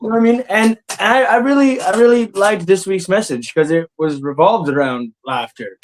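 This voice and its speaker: A man's voice: sits high, moderate pace, a little hiss or hum, low-quality recording. A man hosting a comedy podcast, talking loosely and repeating himself as he goes. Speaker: podcast host. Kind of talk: casual comedy podcast banter.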